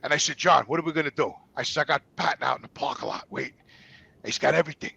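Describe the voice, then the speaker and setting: A man's voice: a little high, quick pace, gravelly, breathy edge. A man telling a rambling, profane story in casual talk, acting out the people he quotes. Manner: profane, animated, acts out quotes. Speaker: guest.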